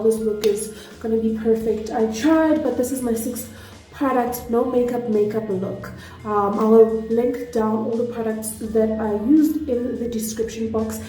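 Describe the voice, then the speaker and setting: A South African woman doing a put-on Nigerian accent, chatting excitedly and laughing at herself through a makeup tutorial. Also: a little high. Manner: chatty, excitable, self-deprecating. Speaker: beauty vlogger. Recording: echoey room with faint music.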